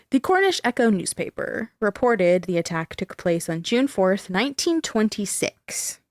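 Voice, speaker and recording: A young woman hosting a podcast, talking loosely and swearing as she walks through a spooky tale. Her voice sits at an ordinary middle pitch. The recording is dry and close, with no room sound. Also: big pitch swings, measured pace, no echo. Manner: chatty, swears freely, tells the story. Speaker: podcast host. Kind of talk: casual chat.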